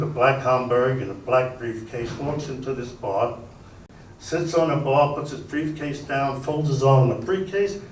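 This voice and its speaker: A man doing a stand-up routine on a comedy club stage, telling jokes deadpan. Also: fairly high pitch, slight background noise. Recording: echoey club recording from a distance.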